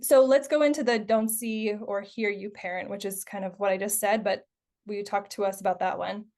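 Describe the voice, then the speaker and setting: A woman's voice: mid-range voice, fairly even intonation, fairly quick, a little mellow. A woman in her thirties hosting a podcast, talking casually and filling her speech with "like" and "you know". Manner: chatty, many fillers like "like" and "you know". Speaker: podcast host. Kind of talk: casual conversational podcast chat.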